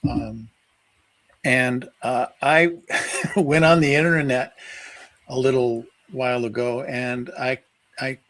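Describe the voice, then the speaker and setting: A man, a guest on a live-stream interview, telling a personal story in an unhurried, halting way. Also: medium pitch, steady tone, a bit bright, rough recording. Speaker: guest researcher.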